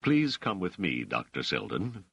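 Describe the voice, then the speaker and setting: A man voicing a tall, stolid male sergeant in an audiobook, speaking slowly and formally in a rumbling bass. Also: wildly swooping pitch, vocal fry, a bit bright, breathy edge, dry recording, exaggerated voice.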